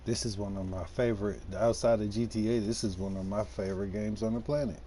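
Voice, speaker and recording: A man's voice: lowish voice, fairly even intonation, a little fast, warm tone, a little hiss or hum. A man from Detroit, casually chatting with viewers while playing a farming game on a live stream, slangy and laid-back. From Detroit, USA.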